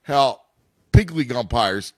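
A man's voice: medium pitch, lively intonation, a little slow, a little mellow, no echo, studio quality. A man in a casual chat about his son's baseball, rambling with many restarts. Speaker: youth baseball father and coach.

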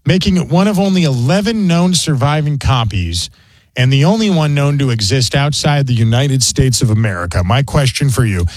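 Brief: animated male host, dry studio sound, joking banter. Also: medium pitch, moderate pace, no echo. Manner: animated storyteller, jokey. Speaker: radio show host. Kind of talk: casual radio banter.

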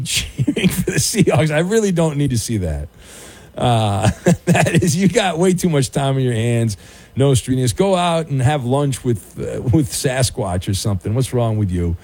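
A man's voice: medium pitch, a little mellow, dry recording. A man hosting a late-night sports radio show, teasing his co-host in a dry, mock-sympathetic way and reading listener messages. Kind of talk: casual talk radio. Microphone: studio microphone.

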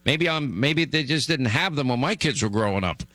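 A man's voice: mid-range voice, animated, moderate pace, bright, forceful tone, no room sound. A middle-aged man hosting a talk radio show, delivering an emphatic monologue that gets worked up.

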